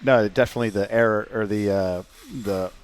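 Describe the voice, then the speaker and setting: A man's voice: lowish voice, fairly even intonation, moderate pace. A man co-hosting a casual dinner chat, rambling and joking with plenty of fillers. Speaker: podcast co-host.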